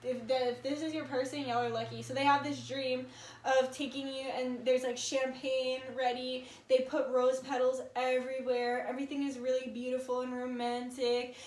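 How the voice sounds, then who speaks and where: A woman's voice: sits high, flat delivery, normal speed, a little mellow. A woman in her twenties giving a casual tarot reading, chatty and full of filler words and swearing. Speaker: tarot reader. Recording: echoey room.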